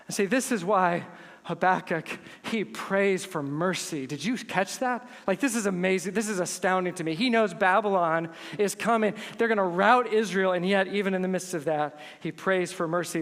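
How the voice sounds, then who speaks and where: High-voiced pastor preaching in an echoing hall. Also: male voice, normal speed, vocal fry. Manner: animated storytelling, swelling to emphatic intensity. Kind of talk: sermon. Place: church sanctuary. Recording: long reverb of a church hall.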